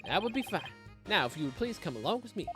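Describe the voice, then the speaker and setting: A man's voice: high-pitched, very animated, quick pace, over music, voice pushed up. A man voicing an overeager male police detective while reading game dialogue aloud. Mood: eager. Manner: upbeat, eager reading of game lines.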